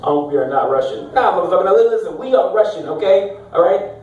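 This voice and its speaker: A stand-up comic putting on a drunk, loud uncle who swaggers through every line in crude street slang. The voice rides high and sits back from the mic. A big echoey club carries it. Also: male voice, expressive, brisk, distant mic, dull audio. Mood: boastful. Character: drunk loudmouth middle-aged uncle, cocky.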